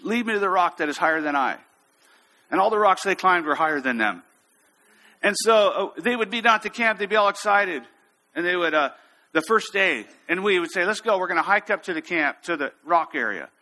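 Male pastor, storytelling sermon, slightly high, bright-toned. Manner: storytelling, animated, acts out quotes.

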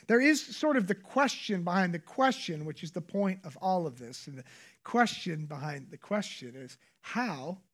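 High-voiced pastor preaching a sermon. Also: male voice, animated, normal speed. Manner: moves from hushed, whispered prayer to raised, emphatic preaching.

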